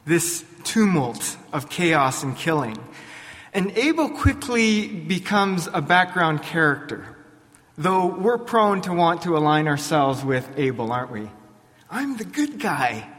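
Slow-speaking preacher in a reverberant church. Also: male voice, fairly high pitch, fairly bright tone. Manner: deliberate, rhetorical questions to the congregation. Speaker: pastor. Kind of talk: sermon.

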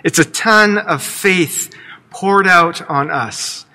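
A man with a high, very bright voice preaches a sermon, slow and measured, telling the story expressively with playful asides. His voice rings out through a long hall reverb, as in a large church sanctuary. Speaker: pastor.

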